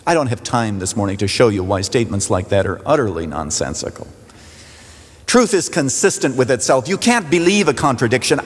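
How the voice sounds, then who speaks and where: Man, pastor, animated preaching, rhetorical questions, reverberant church hall. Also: medium pitch, husky. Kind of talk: sermon.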